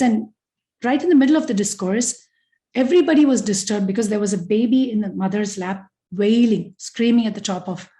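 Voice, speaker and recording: A woman's voice: mid-range voice, rough recording. Earnest woman telling devotional stories. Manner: earnest and expressive, quick narration with acted quotes. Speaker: spiritual speaker. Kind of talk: devotional talk with storytelling.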